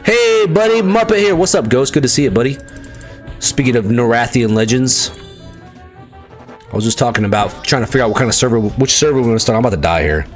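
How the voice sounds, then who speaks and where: Animated cursing gamer man streaming live. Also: mid-range voice, fast, soft background music. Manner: excitable, swears, talks to chat viewers. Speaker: livestreaming gamer. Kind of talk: casual live gameplay commentary.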